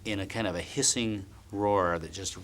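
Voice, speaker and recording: A man's voice: sits low, normal speed, very noisy. Man recounting a climbing ordeal. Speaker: interviewee. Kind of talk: documentary interview. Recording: interview under loud music.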